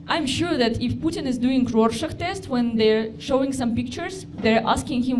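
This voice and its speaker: A young woman from Russia with a Russian accent, performing a deadpan stand-up routine in halting non-native phrasing. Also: on the high side. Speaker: stand-up comedian. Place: comedy club stage. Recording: live club with audience noise.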